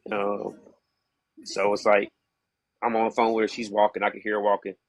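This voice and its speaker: Gravelly low-voiced man telling his story. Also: completely flat delivery, moderate pace, no echo. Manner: casual, fillers like "you know what I mean". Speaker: podcast guest. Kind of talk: candid personal storytelling.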